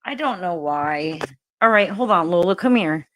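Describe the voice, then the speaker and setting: A woman's voice: on the low side, lively intonation, moderate pace, fairly bright tone, dry recording. A woman hosting a casual livestream, chatting bluntly and profanely with her viewers. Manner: blunt and profane, talking straight to the chat. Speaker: livestream host.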